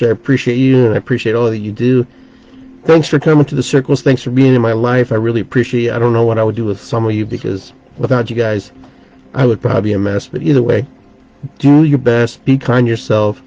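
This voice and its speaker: A man's voice: mid-range voice, steady tone, brisk, vocal fry, warm tone. A man hosting his own podcast, telling a rambling, earnest story in a casual way and restarting his sentences often. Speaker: podcast host and shaman teacher. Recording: dull lo-fi recording.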